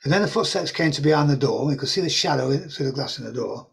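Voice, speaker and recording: Male course presenter, raspy voice, slightly high, rambling storyteller. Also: quick pace. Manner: rambling, repeats words, animated anecdotes with laughs. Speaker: property investing course presenter. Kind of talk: anecdotal storytelling to an audience.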